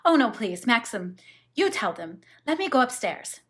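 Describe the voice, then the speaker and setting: A woman's voice: a little high, big pitch swings, normal speed, a bit bright, pitched above the performer's own voice. A woman reading the lines of a shy, anxious young bride in an audiobook, in a hesitant, flustered manner.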